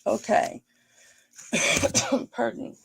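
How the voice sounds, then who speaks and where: A woman hosting a live online jewelry auction, chatting playfully with her viewers and thinking out loud. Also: extremely slow, no echo. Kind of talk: casual live-stream auction patter.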